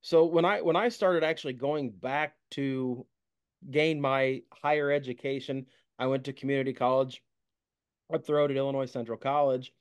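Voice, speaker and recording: A man hosting a casual podcast interview, telling stories in a relaxed, self-deprecating way. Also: mid-range voice, moderate pace, clean tone. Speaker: podcast host.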